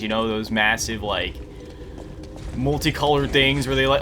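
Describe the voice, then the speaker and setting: A man's voice: mid-range voice, normal speed, sharp tone, a little hiss or hum. A tired man chatting casually and laughing as he plays through a video game. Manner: chatty, self-deprecating, laughs often. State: tired, yawning. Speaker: gaming YouTuber. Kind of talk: casual let's-play commentary. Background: game music.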